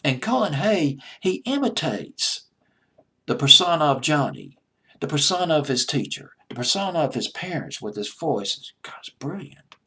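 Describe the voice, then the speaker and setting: Southern-accented countdown host, husky voice, chatty and rambling. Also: male voice, on the high side, big pitch swings, normal speed, bright, forceful tone. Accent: American Southern. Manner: rambling, chatty, self-mocking. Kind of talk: casual music commentary.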